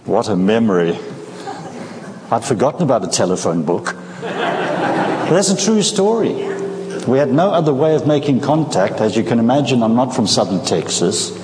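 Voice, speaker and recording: A man's voice: mid-range voice, expressive, a little fast, background noise. A man with a Scottish accent, a guest preacher telling a story to a church congregation. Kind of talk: sermon. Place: church sanctuary. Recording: echoey church hall, faint ambience.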